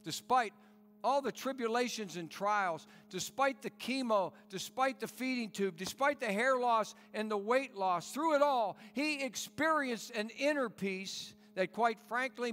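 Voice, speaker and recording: A man's voice: very high voice, unhurried, fairly bright tone, big-room sound. A man pastor preaching a sermon in an earnest, pleading way with rhetorical questions.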